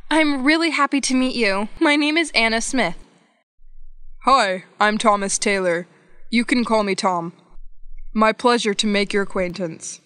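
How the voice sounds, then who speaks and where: A woman reading scripted English practice dialogues for learners, slow and evenly paced. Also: on the high side, fairly bright tone, no echo, studio quality. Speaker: English lesson narrator.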